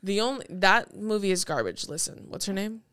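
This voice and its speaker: Crisp, dry-voiced young woman ranting. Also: mid-range voice, brisk, no echo. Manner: animated storytelling, swears a lot, acts out quotes. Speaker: podcast co-host. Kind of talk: casual chat.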